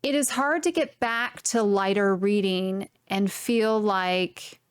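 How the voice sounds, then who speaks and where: A young adult woman hosting a knitting podcast, chatting casually in a rambling, animated way. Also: medium pitch, takes it slowly, clean tone, dry recording, clean studio sound. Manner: rambling, animated, swearing mildly. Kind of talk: casual chat to camera.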